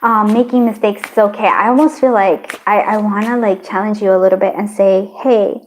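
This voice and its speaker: A woman giving a pick-a-card tarot reading, talking in a gentle, encouraging way, rambling with many fillers and restarts. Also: mid-range voice, fairly even intonation, fairly quick, rough recording. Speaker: tarot reader.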